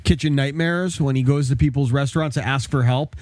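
A man co-hosting a podcast in relaxed casual chat, dry humor and frequent laughs. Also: medium pitch, fairly quick, no room sound. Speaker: podcast co-host.

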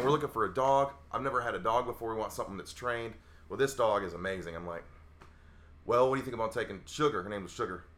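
Fast bright-voiced guest from Chicago. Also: male voice, lowish voice. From Chicago area. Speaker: guest co-host. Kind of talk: casual chat.

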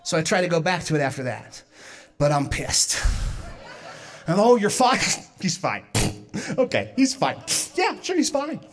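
A woman doing stand-up, telling a story in an animated way, laughing along and shouting some punchlines. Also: sits low, a little slow, soft background music. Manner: animated, laughing through her own lines, shouting punchlines. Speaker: stand-up comedian.

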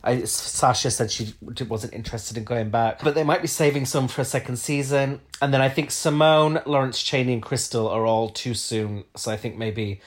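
A man in casual podcast chat, talking at an even middle pitch. He rambles through lists and slips in dry jokes. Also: normal speed, hardly any pauses. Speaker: podcast co-host.

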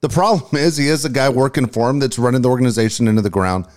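A man co-hosting a casual sports talk podcast, wry and quick with teasing remarks. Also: mid-range voice, a little mellow. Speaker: podcast co-host.

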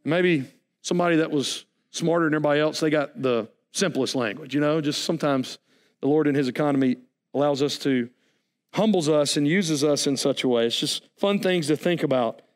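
A pastor, preaching in a high, light voice. He is animated and folksy, and he breaks into jokes and asides to the congregation between his points. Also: a little fast. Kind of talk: sermon.

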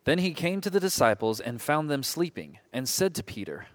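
Man reading scripture with lively pitch. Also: moderate pace. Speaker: scripture reader. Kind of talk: liturgical group reading.

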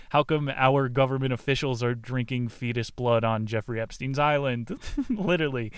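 A man talks through a book summary in a loose, irreverent way, tossing in crude jokes and laughing asides. His voice is smooth and clear at a middle pitch. It is recorded dry inside a car, with no echo. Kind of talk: casual chat.

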